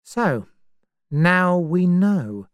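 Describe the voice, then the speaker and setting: A woman narrator voicing a cold, dangerous man who speaks slowly and menacingly, in a story reading. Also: lowish voice, big pitch swings, darkish tone, dry recording, studio quality, pitched above the performer's own voice. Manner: slow, dangerous.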